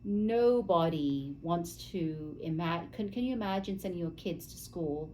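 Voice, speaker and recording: A woman's voice: fairly low pitch, animated, unhurried, dark tone, a little hiss or hum, poor audio. A woman from California co-hosting a casual chat show, reacting to stories and chatting about the news and the weather. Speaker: co-host.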